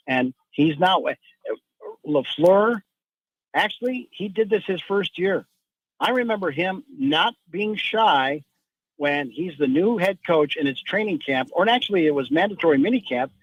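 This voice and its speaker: A man's voice: fairly high pitch, normal speed, no room sound. Rambling male football reporter, dull line. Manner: rambling analysis with repeated restarts. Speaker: sports reporter guest. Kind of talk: sports talk radio.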